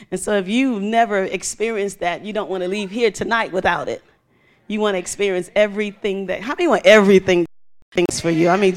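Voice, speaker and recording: Middle-aged woman preacher, animated storyteller, medium pitch. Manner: animated storytelling, acting out voices with laughter. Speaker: pastor. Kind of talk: sermon.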